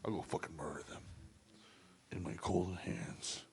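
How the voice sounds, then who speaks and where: A man putting on the voice of a menacing movie killer, speaking low and hushed. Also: fairly even intonation, measured pace, gravelly, breathy edge, whispered, exaggerated voice.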